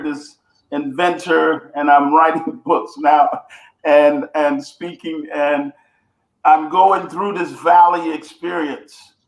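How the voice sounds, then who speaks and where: A man's voice: a little high, vocal fry, reverberant, poor audio. A man speaking as a guest coach, telling his story earnestly and building his points through repetition. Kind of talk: reflective storytelling.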